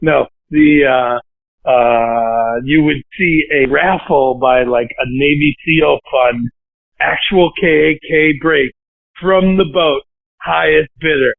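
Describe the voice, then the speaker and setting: A gravelly-voiced man hosts a chat over a thin, phone-like line. His voice is fairly high for a man. He talks bluntly, with plenty of swearing, and breaks into easy laughter. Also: takes it slowly, no room sound. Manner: profane, blunt, laughs easily. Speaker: podcast host. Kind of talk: casual chat. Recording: tinny dry phone line.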